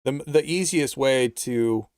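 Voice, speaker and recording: A man hosting a livestream, talking in a sarcastic, rambling way and reading out messages from his chat, with stretches of mock-anxious rapid-fire questions. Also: mid-range voice, darkish tone, no room sound, studio quality. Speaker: livestream host.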